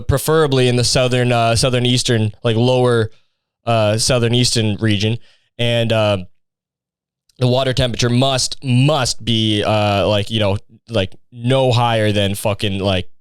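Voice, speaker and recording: A young man rambles through a sarcastic, profane comedy monologue as a podcast host. His voice is smooth and clean. It is recorded close and dry. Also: mid-range voice, no echo.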